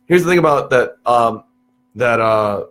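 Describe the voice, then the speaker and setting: A man's voice: medium pitch, a little slow. A young man from Texas, a podcast guest, telling stories in casual chat, swearing freely and saying "dude" a lot. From Texas, USA. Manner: animated storyteller, swears freely, peppers talk with "dude".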